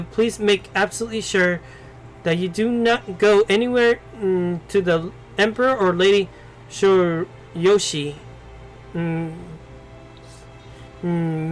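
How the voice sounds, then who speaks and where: Courteous court lady in a game, read by a man; high, slow, hesitant delivery. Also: rough recording. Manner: reads slowly with frequent hums. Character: polite, cautious female court lady guide.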